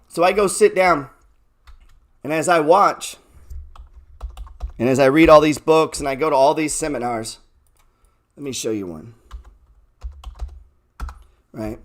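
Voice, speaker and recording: A man with a fairly high voice giving a fired-up trading talk. He swears freely, asks rhetorical questions, and drops from loud bursts to low murmurs. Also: measured pace, pauses often. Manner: profane, emphatic, rhetorical questions. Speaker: trading educator. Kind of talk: motivational talk.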